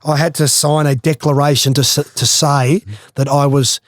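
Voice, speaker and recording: A man's voice: fairly high pitch, moderate pace, no room sound, studio quality. A middle-aged Australian man, a former footballer, telling swearing, laughing stories as a podcast guest. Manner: swearing, laughing, animated anecdotes. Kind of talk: casual storytelling.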